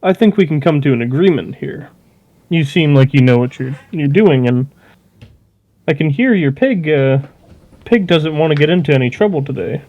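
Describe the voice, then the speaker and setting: A man's voice: fairly high pitch, expressive. A man playing a sly pickpocket. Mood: placating. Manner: placating, fast-talking. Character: sly halfling pickpocket, male adult, smooth talker. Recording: dull, dry recording.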